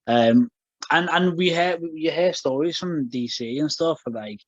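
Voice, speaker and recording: An unhurried man with a voice on the high side co-hosts a podcast, chatting casually and rambling with many fillers and restarts. The dull lo-fi podcast audio has no room sound.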